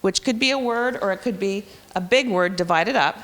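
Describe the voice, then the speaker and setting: A woman's voice: mid-range voice, moderate pace, a bit bright, in a large hall. A woman teacher explaining a reading intervention program step by step at a professional development session. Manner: explanatory, talks through teaching steps.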